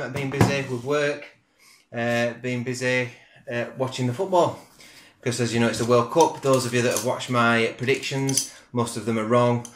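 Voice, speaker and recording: A man's voice: mid-range voice, sharp tone, a little hiss or hum. A middle-aged man, reviewing beer in a chatty, rambling, self-deprecating way, recorded at home on a camera mic. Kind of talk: casual video review. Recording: roomy home room echo.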